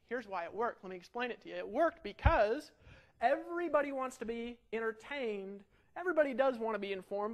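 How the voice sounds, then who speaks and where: A middle-aged man giving an energetic marketing webinar, animated and ranting, full of rhetorical questions. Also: high voice. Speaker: online marketing instructor.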